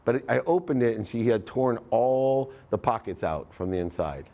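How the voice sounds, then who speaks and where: A man's voice: mid-range voice, animated, moderate pace, dark tone. A middle-aged man giving a live motivational talk, storytelling and acting out the voices in his story. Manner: storytelling, acts out quoted dialogue. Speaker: motivational speaker.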